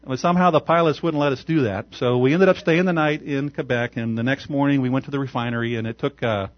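A man pastor preaching a sermon, telling a story in an animated way and chuckling often. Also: medium pitch, fast, no room sound, dull audio.

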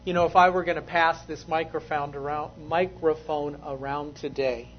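A man preaching a sermon as pastor in a church, measured and earnest. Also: fairly high pitch, fairly even intonation, muffled recording, slight background noise. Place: church sanctuary.

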